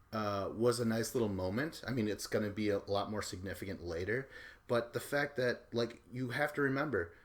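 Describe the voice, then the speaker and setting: A man with a somewhat low voice hosts a podcast solo. He recaps in a loose, rambling way and tosses in offhand profanity. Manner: rambling and offhand, swears casually. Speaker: podcast host. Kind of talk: casual recap commentary.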